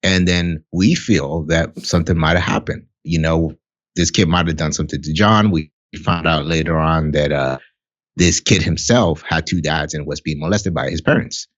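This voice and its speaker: A middle-aged man with a very low, deep voice tells a raw personal story on a podcast. He talks bluntly and swears freely, earnest and heartfelt. The sound is a bit dull and lo-fi. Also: normal speed. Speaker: podcast guest. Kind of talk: candid casual conversation.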